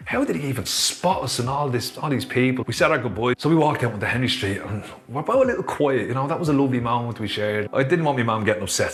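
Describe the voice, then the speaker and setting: A man with a Dublin Irish accent telling a personal story to viewers in a chatty, animated vlog. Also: on the low side. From Ireland. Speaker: author and motivational storyteller.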